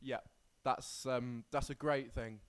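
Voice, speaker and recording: A man co-hosting a casual podcast who giggles and blurts out remarks, dropping to mumbles between louder outbursts. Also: mid-range voice, steady tone, slow pace, slight background noise. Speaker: podcast co-host. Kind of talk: casual chat.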